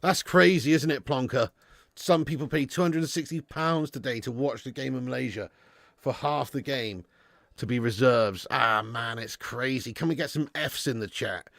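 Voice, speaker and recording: A man's voice: mid-range voice, normal speed, gravelly, fairly bright tone, dry recording, studio quality. A man hosting a live football watch-along stream, reading out donations and bantering with viewers in a chatty manner with frequent laughs.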